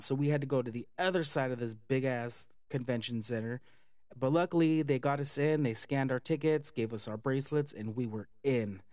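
A man's voice: medium pitch, moderate pace, no echo, studio quality. Chatty, cussing man telling a story. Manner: chatty, profane, animated, lots of "um" and "like". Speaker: vlogger. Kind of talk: casual storytelling vlog.

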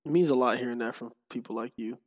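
A man telling stories as a podcast guest, animated, often breaking into laughter. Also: medium pitch, fast talker. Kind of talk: casual chat.

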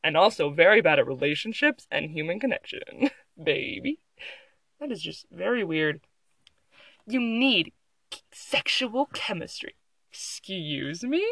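Young adult vlogger, sarcastic and giggly, lively bouncing pitch, bright gravelly tone, dry close phone sound. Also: measured pace, no echo. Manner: sarcastic, giggly, rambling with many fillers. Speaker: vlogger reacting to an article. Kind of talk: casual reaction commentary. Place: room at home.

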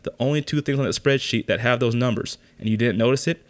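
A man's voice: mid-range voice, fast. A young man hosting a podcast, telling a story in a casual rant, exasperated and full of swearing. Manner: exasperated, profane ranting. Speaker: podcast host.

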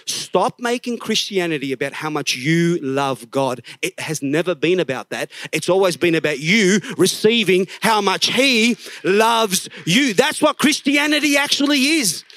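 A middle-aged man preaching a sermon in a church service, emphatic, dropping to a hush and then rising, now and then singing a line of a song. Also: high-pitched, dry recording. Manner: emphatic, swings from hushed to raised, sings snatches of songs. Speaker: pastor.

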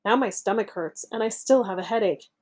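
A woman's voice: mid-range voice, brisk, darkish tone, breathy edge, close to an everyday voice. A woman voicing a grumpy, sulky male monkey who sighs and complains. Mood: complaining. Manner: sighing, complaining, snappish.

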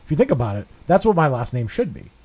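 Young guy podcast host, animated storyteller, swears a lot, goes loud doing quotes. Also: a little high, fast, husky. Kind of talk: casual podcast chat.

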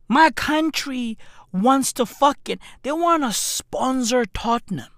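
A woman's voice: high voice, fairly bright tone, dry recording, clean studio sound. A woman giving a profane, theatrical rant of mock despair in a vlog. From South Africa. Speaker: online commentator. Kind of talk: ranting vlog commentary.

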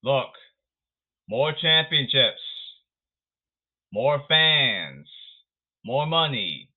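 A man's voice: mid-range voice, animated, very slow, pauses often. A man giving a sarcastic, ranting talk about baseball, emphatic and blunt. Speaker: baseball commentator. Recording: tinny phone-like audio.

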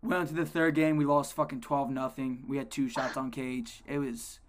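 A man co-hosting a casual podcast, telling coaching stories in an animated way and swearing a lot. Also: medium pitch, moderate pace. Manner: animated storytelling, heavy swearing. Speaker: co-host, youth lacrosse coach.

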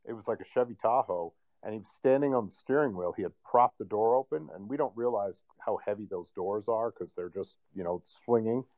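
Low-voiced man telling a rambling story. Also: brisk, hardly any pauses, phone-quality sound. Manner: rambling storyteller, many fillers. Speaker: guest sharing a personal story. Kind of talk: casual podcast conversation.

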